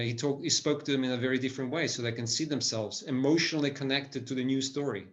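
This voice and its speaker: A man's voice: mid-range voice, dull audio. A man giving a lecture to business leaders in an enthusiastic way, often restarting his sentences and adding "right?" tags. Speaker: business speaker.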